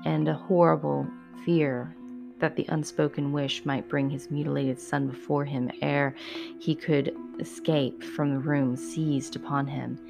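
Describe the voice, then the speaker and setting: A woman reading a story aloud in a measured, dramatic narrating manner. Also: deep voice, level tone, gravelly, over music.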